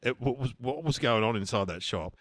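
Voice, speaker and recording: A man's voice: mid-range voice, animated, brisk, a bit bright, no echo. An Australian man, co-host of a comedy podcast, telling a story animatedly and acting out every character. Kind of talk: comic storytelling chat.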